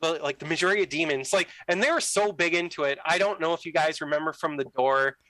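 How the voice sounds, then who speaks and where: Young guy telling a story on a podcast, acts out all the quotes, says like a lot, sharp bright tone. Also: on the high side, quick pace, no echo, low-quality recording. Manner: animated, acts out quoted dialogue, many "like" fillers. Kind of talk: casual storytelling.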